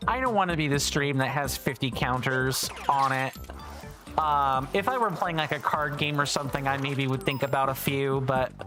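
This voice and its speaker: A woman's voice: rumbling low, moderate pace. Chatty woman streamer over game music. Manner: self-deprecating, chatty, stumbles over words. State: throat phlegm. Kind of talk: casual live game commentary.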